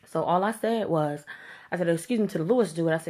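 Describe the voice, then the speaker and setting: A woman telling a story to camera in a blunt, animated rant, with slangy speech and free swearing. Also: lowish voice, a little fast. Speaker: vlogger.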